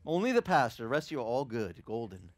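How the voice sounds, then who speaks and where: A man's voice: medium pitch, fast, no echo. A pastor with a Hawaiian accent preaching a sermon, acting out voices and joking with his congregation. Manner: animated, acts out voices and asides to the congregation.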